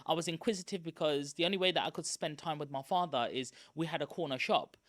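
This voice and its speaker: A man, a guest telling candid stories from his school days in a lively, chatty way. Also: a little high, fast, no echo. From East London, England. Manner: lively, chatty, self-aware. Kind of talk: candid personal storytelling.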